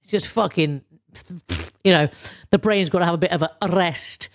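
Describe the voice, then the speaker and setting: A woman's voice: fairly low pitch, moderate pace. A woman in her fifties hosting a casual solo podcast, chatty and rambling, with lots of restarts and swearing. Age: 50s. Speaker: podcast host.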